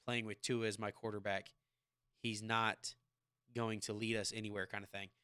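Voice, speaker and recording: A man in his thirties hosts a casual sports podcast from his basement, rambling from one point to the next like an excited fan. His voice is bright and crisp. The sound is dry and close, with no room around it. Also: on the low side, dry recording. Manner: rambling, animated football fan. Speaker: podcast host. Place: home basement man cave.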